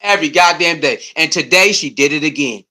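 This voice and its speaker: A young man hosting a live stream, ranting loudly and excitably, repeating himself and reading and answering chat comments. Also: a little high, a little fast. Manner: loud, excitable, repetitive, swings between shouting and muttering. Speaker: livestream host. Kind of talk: fired-up live stream rant.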